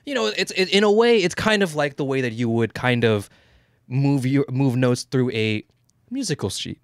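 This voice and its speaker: A man co-hosting a podcast in casual chat, talking fast and stammering, animated and swearing freely. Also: mid-range voice, smooth, dry recording, studio quality. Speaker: podcast co-host.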